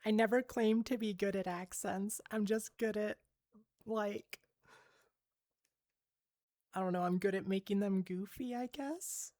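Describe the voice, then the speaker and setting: A woman streams casually and replies to her chat at an unhurried pace. She rambles with lots of fillers and soft giggles. Her voice is close and dry on a desk mic. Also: medium pitch, no echo. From United States. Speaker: livestreamer reading chat.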